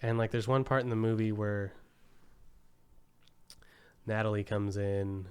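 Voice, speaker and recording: A man co-hosting a podcast, casually retelling a movie plot in an animated way and leaning hard on "like.". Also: on the low side, a little slow, clear, resonant tone. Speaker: podcast co-host. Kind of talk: casual film chat.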